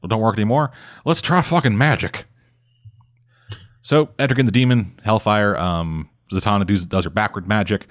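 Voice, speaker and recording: A man casually recapping a comic book on a podcast, rambling and swearing often, with dry, deadpan asides. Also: on the low side, moderate pace. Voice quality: rambling, profane, deadpan summary. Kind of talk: casual chat.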